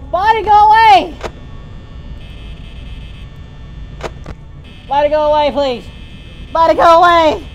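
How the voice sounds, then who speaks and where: A woman doing a jumpy, high-voiced Goku. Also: big pitch swings, measured pace, highs cut off, slight background noise. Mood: panicked. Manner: jumpy, yelling and pleading at the game's animatronics. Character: Goku, cheerful naive male hero in abridged parody. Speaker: streamer playing a horror game in character. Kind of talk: in-character game commentary.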